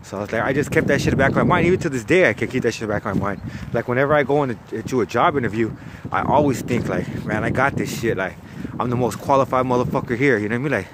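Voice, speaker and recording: A man's voice: medium pitch, rapid-fire, heavy background noise. A man from California with a Chicano accent, casually telling stories from his old call-center job, swearing freely and leaning on fillers. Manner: profane, laid-back storytelling full of fillers. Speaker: former bank call-center worker. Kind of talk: casual storytelling vlog.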